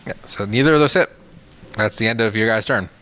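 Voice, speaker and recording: A man's voice: lowish voice, a little fast, fairly bright tone. A man playing a tabletop board game on a stream, chiming in with matter-of-fact rule clarifications. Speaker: co-host and player. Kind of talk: casual tabletop game chat.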